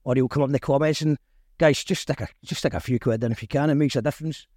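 A Scottish man hosts a casual live chat with an easy, conversational flow, pausing now and then to read viewer comments aloud. His voice sits at a middling pitch, and the recording is dry and close. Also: darkish tone, dry recording. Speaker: podcast host.

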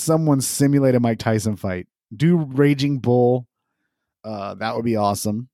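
A man's voice: mid-range voice, moderate pace, mellow, no room sound, studio quality. A man co-hosting a podcast in casual chat, rambling and joking with plenty of swearing. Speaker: podcast co-host.

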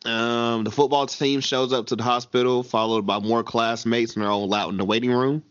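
A man co-hosting a podcast in a loose, animated way, stammering, restarting and swearing as he recaps a show. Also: mid-range voice, normal speed, smooth, no echo, highs cut off. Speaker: podcast co-host. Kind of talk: casual chat recapping a TV show.

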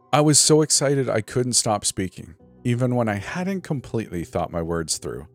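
A man narrating a creepy first-person story in a steady, measured reading. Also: medium pitch. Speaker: narrator of scary stories. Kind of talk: scripted narration. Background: faint background music.

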